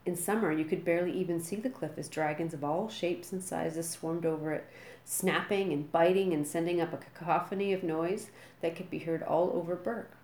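A woman reading a children's storybook aloud with lively, dramatic delivery. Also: lowish voice, normal speed, reverberant.

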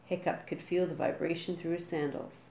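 A woman reading a children's storybook aloud with lively, dramatic delivery. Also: lowish voice, moderate pace, reverberant, slight background noise.

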